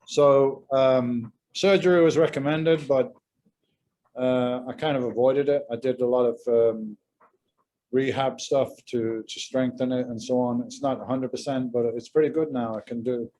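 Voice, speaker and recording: Man, guest on a casual interview; relaxed, measured, a few fillers, mid-pitched voice. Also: low-quality recording. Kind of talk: casual video-call interview.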